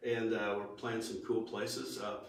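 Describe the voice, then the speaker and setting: A man's voice: lowish voice, little pitch movement, unhurried. A man who is a country singer, telling stories in a folksy, stop-and-start way during a casual interview. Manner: folksy storyteller with many restarts. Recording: echoey room, far from the mic.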